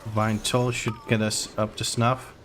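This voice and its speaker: A man's voice: on the low side, level tone, measured pace, fairly bright tone, a little hiss or hum. A man streaming a game, giving running play-by-play with wry asides to his chat. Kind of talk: live gameplay commentary.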